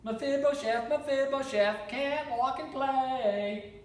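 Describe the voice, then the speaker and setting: A man's voice: very high voice, slow, darkish tone, voice pushed up. A man doing sing-song taunting village kids. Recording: echoey room, mic from far off.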